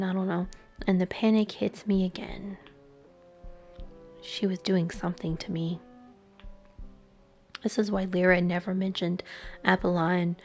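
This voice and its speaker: Woman, visual novel read-through, slow delivery, gravelly fry, emotive, soft breathy asides. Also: fairly low pitch. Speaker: streamer. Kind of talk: reading a visual novel aloud.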